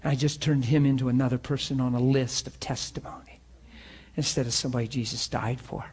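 A man's voice: medium pitch, fairly even intonation, brisk, darkish tone, breathy edge. A man, a pastor, giving an informal sermon to students in a room and online, telling personal stories in an earnest, conversational way before closing in prayer. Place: room with students present, also streamed online.

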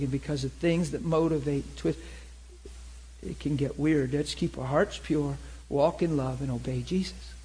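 A man preaching to a crowd at a church meeting, telling a story in an animated way and acting out the voices in it. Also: fairly high pitch, poor audio. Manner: animated, laughing, acts out voices in his story. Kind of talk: storytelling sermon.

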